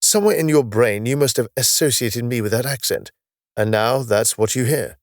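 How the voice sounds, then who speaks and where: A man voicing a calm, knowledgeable male space officer from the far future who patiently explains his world with a wry touch. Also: mid-range voice, normal speed, no room sound, studio quality, close to an everyday voice. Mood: explaining.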